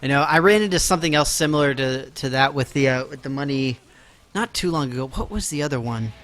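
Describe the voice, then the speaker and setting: A man's voice: medium pitch, quick pace, a bit bright, soft background music. A man chatting casually with his viewers during a live game stream, laughing often and teasing them with mock offense.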